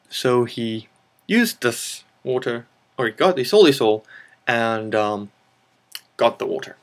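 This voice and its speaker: A man's voice: medium pitch, lively intonation, slow pace, pauses often. A man hosting a storytelling video, improvising a silly tale in a playful made-up mixed accent and rambling along with self-mocking asides.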